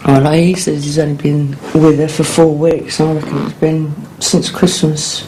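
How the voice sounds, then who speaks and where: A woman's voice: sits low, normal speed, a little hiss or hum, low-quality recording. A woman speaking bluntly and candidly to a documentary maker, swearing freely. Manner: blunt, swearing, animated retelling. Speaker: documentary subject. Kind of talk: candid interview.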